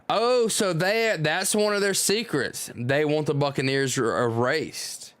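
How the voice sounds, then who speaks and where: High, clear-voiced man reacting slowly. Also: dry recording. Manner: excitable, exclaims and muses aloud. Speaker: streamer reading manga live. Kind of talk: live reading with casual reactions.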